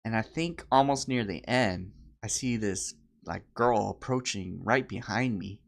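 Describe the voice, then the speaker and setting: A man co-hosting a podcast, chatting casually and telling stories, acting out quoted people in high voices. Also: unhurried, creaky. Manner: animated storyteller, acts out quotes in high voices. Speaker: podcast co-host. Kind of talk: casual chat.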